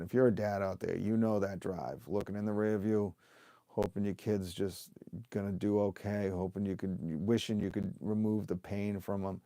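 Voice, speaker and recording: Fired-up guy in his 30s ranting on his stream, low mellow voice, dry close sound, lots of why-would-they questions. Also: no echo. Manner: fired-up, emphatic, rhetorical questions, occasional swearing. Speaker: livestream host and union organizer. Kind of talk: impassioned livestream rant to viewers.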